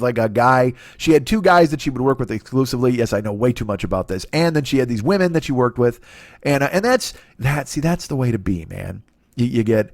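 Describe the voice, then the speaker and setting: Man, 40s, comedy podcast host, crude rambling monologue, fast talker, dry close sound. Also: medium pitch, no room sound. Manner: rambling, crude, self-interrupting, acts out quick voices. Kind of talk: solo comic monologue.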